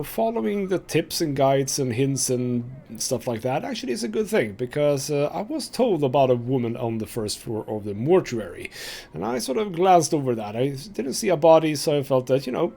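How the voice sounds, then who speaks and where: A young man talks over his gameplay in a loose, rambling way, stopping to think aloud often. His voice is gravelly and a bit husky, and his pitch moves up and down a lot. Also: very animated, moderate pace, darkish tone. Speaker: let's play host. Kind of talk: casual gameplay commentary.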